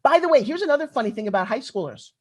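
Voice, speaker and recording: Animated middle-aged woman giving a keynote. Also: a little high, racing. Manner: animated, chatty, addresses the audience directly. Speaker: keynote speaker. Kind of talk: conference keynote storytelling.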